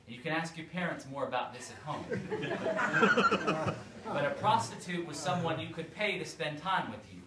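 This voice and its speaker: A man, a priest, telling a story to children in a playful, animated way. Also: mid-range voice. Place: church hall. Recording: echoey room, far from mic, faint noise.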